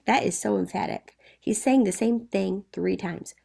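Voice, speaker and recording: A woman's voice: mid-range voice, normal speed, creaky, few pauses, dark tone. A woman teacher explaining a play to students in a conversational way, often checking in with rhetorical questions.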